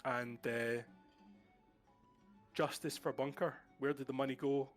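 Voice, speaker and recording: A man's voice: medium pitch, fairly even intonation, unhurried, soft background music. A young man from Scotland with a mild Glasgow accent, chatting casually and jokingly as an interview guest. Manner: joking, rambling with fillers. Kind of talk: casual chat.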